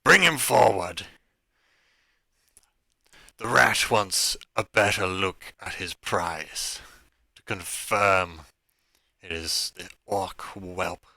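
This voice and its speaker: A man voicing a commanding male leader who shouts orders across a room in a tabletop game. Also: very slow, vocal fry, few pauses, dry recording, studio quality, full character voice. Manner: booming, imperious, contemptuous.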